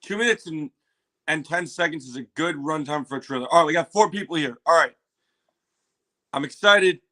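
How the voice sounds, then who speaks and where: Male streamer with a slightly high voice, casual and excitable, prone to loud swearing and repeated phrases. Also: quick pace. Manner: excitable, exclaims and swears loudly; apologetic, repeats himself. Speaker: livestream host reacting to a trailer. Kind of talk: casual livestream chat.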